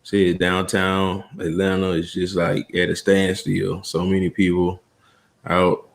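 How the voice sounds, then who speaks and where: A man from Atlanta, a guest on a livestream, speaking slowly and thoughtfully with many pauses and fillers. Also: deep voice, monotone, creaky. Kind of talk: casual livestream chat.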